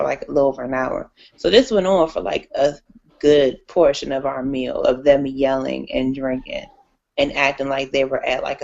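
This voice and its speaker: A woman co-hosting a casual podcast, an animated storyteller who acts out the people in her stories. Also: low-pitched, gravelly, lo-fi sound. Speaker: co-host.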